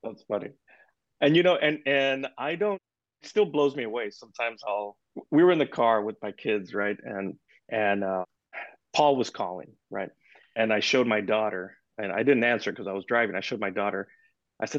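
A man being interviewed as a guest percussionist, telling lively stories with lots of "you know" and casual swearing. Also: mid-range voice, a little fast, no echo. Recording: dull, lo-fi, dry sound.

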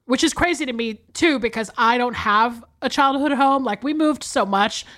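A woman in her thirties co-hosting a casual movie podcast, animated and profane, laughing often. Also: on the high side, normal speed. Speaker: podcast co-host.

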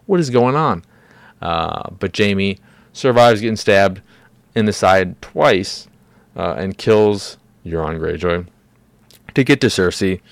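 A man's voice: lowish voice, animated, normal speed, clear, resonant tone, no echo. A man hosting a solo podcast, ranting in a profane, exasperated way and mocking characters in put-on voices. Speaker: podcast host.

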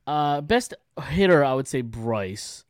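A man's voice: mid-range voice, expressive, takes it slowly, clear, resonant tone, no echo, studio quality. A man guesting on a sports podcast, talking casually and at length, often repeating words as he starts a thought.

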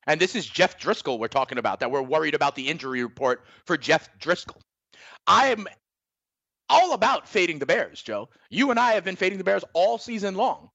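Male co-host, gravelly and animated, casual betting chat, dry muffled studio sound. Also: fairly high pitch, brisk, no echo. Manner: conversational, asks for agreement with "right?". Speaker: sports betting show co-host. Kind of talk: casual sports betting talk.

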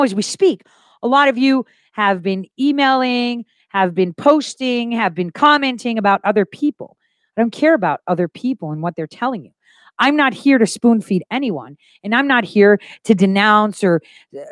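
A woman's voice: fairly high pitch, no room sound, studio quality. A woman hosting a casual livestream, speaking emphatically with conviction and repeating phrases for stress. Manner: insistent and full of conviction. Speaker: livestream host.

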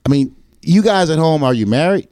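A man's voice: fairly high pitch, lively intonation, brisk, a little mellow. A man co-hosting a casual panel chat, loose, joking and profane. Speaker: podcast co-host.

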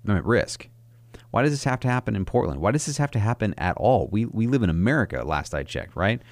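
A man's voice: on the low side, big pitch swings, quick pace, no echo. A man giving indignant opinion commentary over a video, ranting with frequent fillers.

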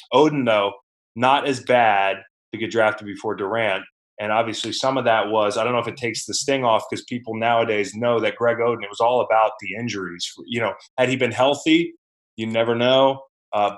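A man's voice: fairly low pitch, a bit bright. Guy cohosting a sports podcast, loose rambly chat, cusses a bit. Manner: rambling, conversational, swears casually.

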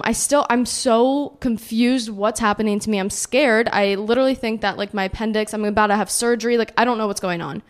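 A young woman in her twenties, a podcast host telling a personal story in a chatty, casual way and saying "like" a lot. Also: on the high side. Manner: chatty, heavy use of "like".

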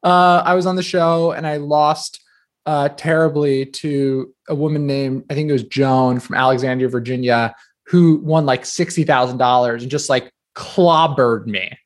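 A man in his thirties from New Jersey, a guest author talking casually in an interview, quick and filler-heavy with a self-deprecating streak. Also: medium pitch, steady tone.

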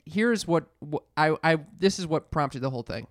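A man co-hosting a casual chat, telling animated stories with plenty of swearing and acted-out quotes. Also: a little high, normal speed, no echo, clean studio sound. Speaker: podcast co-host.

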